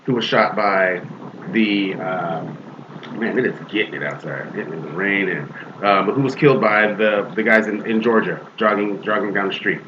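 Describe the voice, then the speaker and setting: A man with a fairly low voice talks earnestly on a casual podcast, stopping and restarting often. The audio is dull and lo-fi, with a faint hiss underneath. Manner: earnest, halting, many restarts, acts out quoted voices. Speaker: podcast co-host.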